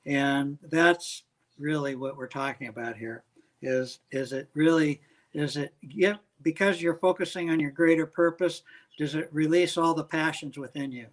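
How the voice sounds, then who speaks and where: An older man with a voice a little higher than most men's, speaking as an interview guest. He talks earnestly and with emphasis, using homely examples to make his points. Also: normal speed, rough recording. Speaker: guest, business leader. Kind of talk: interview answers.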